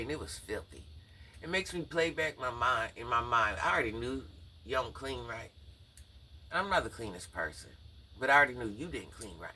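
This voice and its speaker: A man's voice: medium pitch, bright, forceful tone, slightly rough, recorded from a distance. A man giving incredulous, mocking drama commentary on a livestreamer, talking straight to his viewers.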